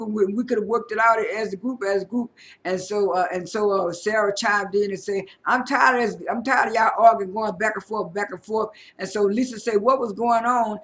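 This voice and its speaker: A man casually recapping a reality show episode, talking in a halting way with many fillers and repeated words. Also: sits high, fairly bright tone.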